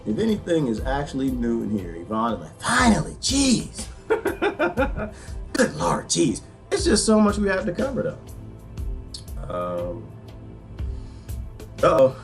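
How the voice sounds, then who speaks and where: An excitable man hosting a rambling livestream commentary, laughing often and restarting his words. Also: medium pitch, measured pace, pauses often, soft background music. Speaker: livestream host.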